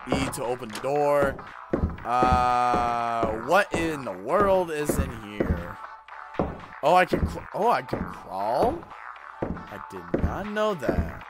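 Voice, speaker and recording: A man's voice: medium pitch, sing-song, takes it slowly. A young man casually commenting while he plays a horror game and reads its lines aloud, with game music behind him. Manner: reads game dialogue aloud, hesitant and chatty. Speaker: gaming YouTuber. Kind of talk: casual let's-play commentary.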